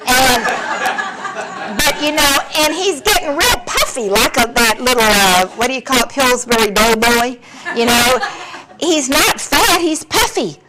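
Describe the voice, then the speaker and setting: A woman's voice: sits high, lively intonation, a little slow. Wry woman in her sixties telling her story. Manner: candid, wry, laughs often through the story. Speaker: speaker sharing at a recovery meeting. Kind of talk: personal storytelling talk. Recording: recording with clear background noise.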